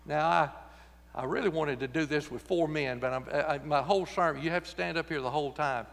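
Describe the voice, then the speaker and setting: A man's voice: on the high side, a little fast, gravelly, a bit bright, big-room sound. A man preaching a sermon in a church, folksy and joking, acting out voices when he quotes people. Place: church sanctuary.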